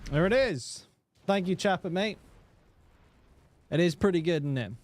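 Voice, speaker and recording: A man's voice: sits high, lively intonation, unhurried, darkish tone, a little hiss or hum. A man streaming a game and chatting casually with viewers, swearing freely and often repeating words. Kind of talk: casual live-stream chat.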